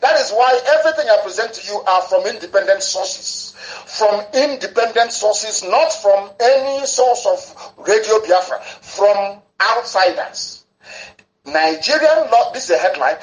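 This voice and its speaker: A man's voice: high-pitched, lively intonation, a little slow, echoey room, rough recording. A man broadcasting an impassioned political talk on the radio, fervent, and he spells words out letter by letter.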